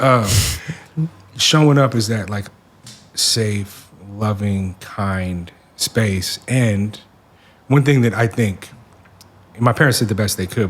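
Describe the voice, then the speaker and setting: Husky low-voiced man, reflective. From Seattle area, USA. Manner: reflective, soft-spoken, many "like" fillers. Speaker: podcast guest. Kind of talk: casual podcast conversation.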